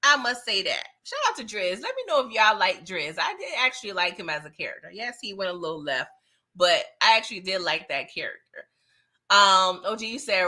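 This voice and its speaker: A woman's voice: mid-range voice, very animated, brisk, sharp tone. A woman casually recapping a TV episode in a chatty, slangy way, laughing often. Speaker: TV recap reviewer.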